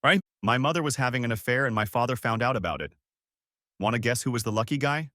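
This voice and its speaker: A man's voice: medium pitch, lively intonation, quick pace, pushed and bright, no echo, studio quality. A man voicing a bitter, vengeful former friend who speaks in a sneering, spiteful way.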